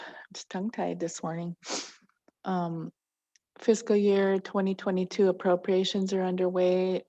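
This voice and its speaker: Woman council member, mellow and even-toned, delivers a slow meeting update. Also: on the low side. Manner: measured, with many ums. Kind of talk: meeting report.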